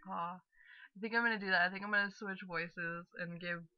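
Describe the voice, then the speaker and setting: A woman's voice: fairly low pitch, fairly even intonation, a little fast, no room sound. A young woman rambles chattily over a game, giggly and loose. Her voice is dry and close, a touch muffled, as from a simple home mic. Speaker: let's play host. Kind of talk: casual gaming commentary.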